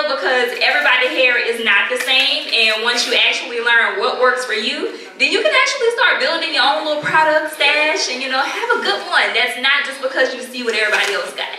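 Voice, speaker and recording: A woman's voice: high-pitched, fairly quick, few pauses, pushed and bright. A woman from New Orleans speaking on a panel, chatty and direct. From New Orleans, Louisiana. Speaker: panelist, hair product reviewer. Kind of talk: panel discussion. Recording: echoey hall, mic far off.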